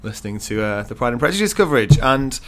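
A man's voice: mid-range voice, very animated, fast talker, a bit bright. A man co-hosting a podcast in casual, self-mocking chat full of fillers. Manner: chatty and self-mocking, with frequent laughs and fillers. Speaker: podcast co-host.

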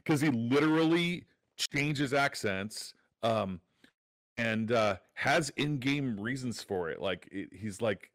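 A man co-hosting a casual chat, recapping a show in an animated way, full of fillers and quick asides. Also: mid-range voice, no room sound. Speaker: podcast co-host.

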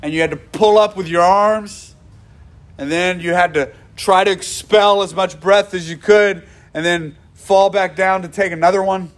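A man's voice: sits high, steady tone, normal speed. A male pastor delivering a sermon in an earnest voice, repeating phrases for emphasis and often restarting his sentences.

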